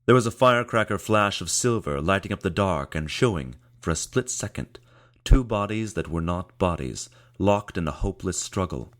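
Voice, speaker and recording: Man, audiobook narrator, very deep voice, measured steady storytelling. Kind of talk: scripted narration.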